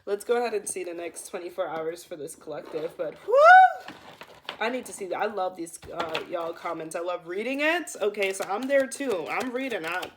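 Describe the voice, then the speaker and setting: A woman's voice: lowish voice, fairly quick, hardly any pauses, heavy background noise. A young woman reading cards for viewers, telling stories in a chatty, emphatic way with lots of asides to the audience. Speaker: intuitive card reader. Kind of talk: casual storytelling to viewers.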